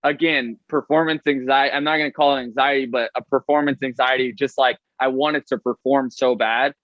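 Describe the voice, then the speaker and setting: A man, a baseball player, telling stories in casual podcast talk, fast and chatty with many fillers and "right?" tags. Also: medium pitch, steady tone, no room sound, lo-fi sound.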